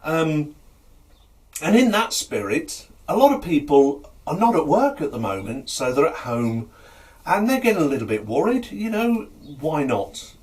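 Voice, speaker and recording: A man's voice: fairly high pitch, unhurried, far from the mic. A man, chattily telling jokes to camera in a casual, storytelling way. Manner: chatty, lively, chuckles at own jokes.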